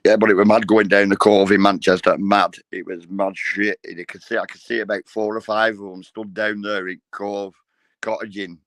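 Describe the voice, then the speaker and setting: A hoarse man chats loosely as a livestream host, his voice sitting low. He talks bluntly and swears freely in laddish banter, and the sound is close and dry. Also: flat delivery, normal speed, fairly bright tone, no echo. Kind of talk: casual live chat.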